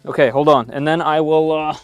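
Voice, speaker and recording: A man's voice: on the high side, steady tone, brisk, dry recording, faint music behind. A man giving live-stream commentary while unboxing a machine in his home workshop, thinking aloud with frequent "uh"s and small restarts.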